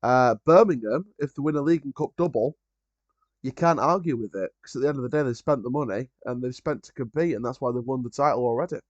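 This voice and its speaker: A man's voice: mid-range voice, fast, no echo, highs cut off. Chatty man hosting a football watchalong. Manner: casual, chatty, opinionated, frequent ums and restarts. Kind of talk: live match watchalong commentary.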